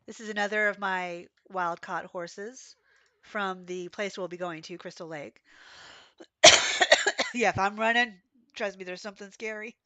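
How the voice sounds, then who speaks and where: Woman, game streamer, hoarse, coughing, chatty storyteller, dry close sound. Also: medium pitch, steady tone, unhurried, pauses often, sharp tone, dry recording. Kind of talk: casual livestream chat while playing.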